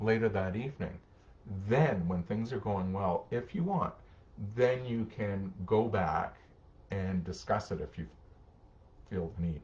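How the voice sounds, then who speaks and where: Low-voiced man, lo-fi sound. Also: a little slow. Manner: warm, conversational, acts out short parent-child exchanges. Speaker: social worker and counselor. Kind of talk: live-streamed advice talk reading comments.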